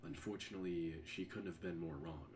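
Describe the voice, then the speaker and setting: Deep male narrator, measured true-crime voiceover, faint hum behind.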